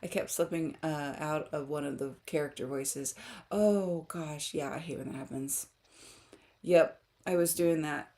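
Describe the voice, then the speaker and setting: Woman streamer rambling to her chat, giggly, kinda low voice. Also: a little slow, mellow. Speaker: author streamer. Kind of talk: casual livestream chat with viewers.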